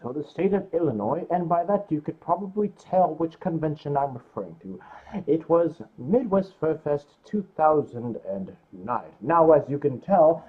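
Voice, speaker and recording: A man's voice: a little high, animated, normal speed, natural voice. A man voicing an ancient male celestial dragon, a theatrical and wry storyteller on a live stream, heard over a call line. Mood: storytelling. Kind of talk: live stream banter in character. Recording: tinny phone-like call line.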